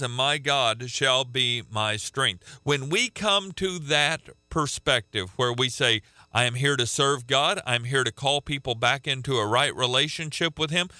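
A man teaching a radio sermon, emphatic, repeating key phrases and slowing down to stress words. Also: mid-range voice, bright, forceful tone, no echo.

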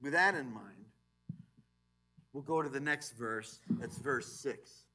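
A man preaching a sermon as pastor in a church, animated, swinging between loud emphasis and quiet asides. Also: medium pitch, takes it slowly. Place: church sanctuary.

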